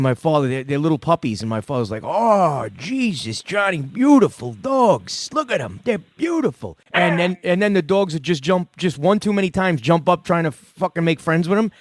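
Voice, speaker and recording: A man, hosting a comedy podcast and telling crude, rambling stories with a gruff, profane manner. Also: on the high side, no room sound. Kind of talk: crude casual storytelling.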